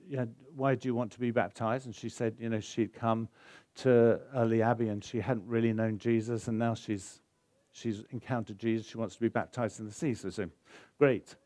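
A man's voice: medium pitch, a little mellow, no echo. A man preaching a sermon, telling a story with feeling and building to an urgent call to faith before leading a prayer. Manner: storytelling, building to emotional exhortation. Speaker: pastor.

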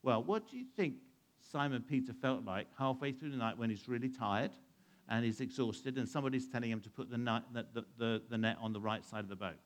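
Speaking a little fast in a medium-pitched voice with slight background noise, a man brings a Bible story to life for a young audience. He quizzes the kids with questions and plays out each scene.

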